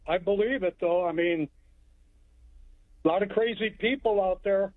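A man from Texas calls in over a tinny phone line and tells his story plainly. His voice sits high for a man. He rambles and restarts often. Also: normal speed, dry recording. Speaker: caller.

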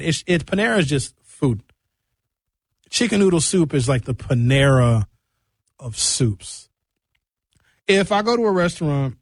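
A young man hosting a radio show, chatting casually with jokes and quick tangents. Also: a little high, dry recording. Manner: animated, jokey, jumps between tangents. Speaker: radio host.

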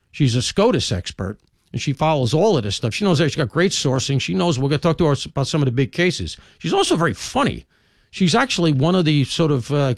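Animated New man hosting talk radio. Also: medium pitch, gravelly, no room sound, clean studio sound. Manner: animated, emphatic, conversational with asides. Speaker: radio show host. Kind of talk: opinionated talk radio monologue. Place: radio studio.

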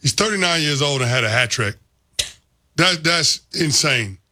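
A man's voice: on the high side, animated, moderate pace, sharp tone. A man co-hosting a sports talk show, making emphatic points and building arguments through repetition.

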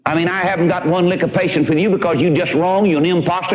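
A man's voice: fairly high pitch, very fast, few pauses, a crowd in the background. Guy preaching, folksy and emphatic, muffled old tape sound. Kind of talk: sermon. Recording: dull lo-fi old tape recording.

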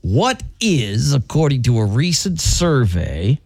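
A man's voice: mid-range voice, big pitch swings, slow pace, gravelly, a little mellow, breathy edge, no room sound. A man hosting a radio show, quizzing his co-hosts in a playful, teasing way. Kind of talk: casual radio banter. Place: radio studio.

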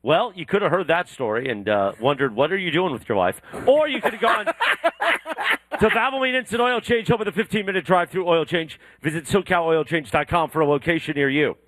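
Upbeat radio host reading promos. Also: male voice, on the high side, brisk. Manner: upbeat, reads promos in a lively announcer tone. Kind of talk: live morning radio hosting with read sponsor spots. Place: live broadcast from an aquarium exhibit.

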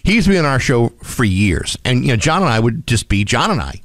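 A man's voice: mid-range voice, brisk, no room sound, clean studio sound. A man co-hosting a morning radio show, chatting casually and acting out the people in his stories. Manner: animated storytelling, acts out quoted people.

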